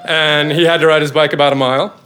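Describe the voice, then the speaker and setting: A middle-aged father tells a story to a live audience, his voice sitting a little high for a man. He lands wry, self-mocking beats with quick comic timing. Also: little pitch movement, pushed and bright, slight background noise. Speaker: father telling a personal story.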